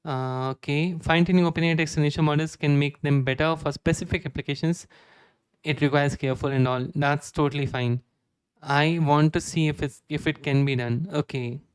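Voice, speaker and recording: A young man with an Indian accent streaming live code, reading documentation aloud and thinking out loud with many "okay"s. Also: a little high, fairly even intonation, a little fast, clean tone, dry recording. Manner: reads docs aloud, frequent "okay" fillers.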